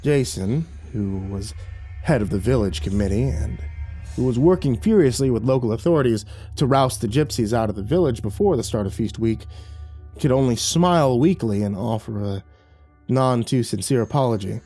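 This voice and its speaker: Male horror narrator, measured and dramatic, dark mellow tone, faint music behind. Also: medium pitch.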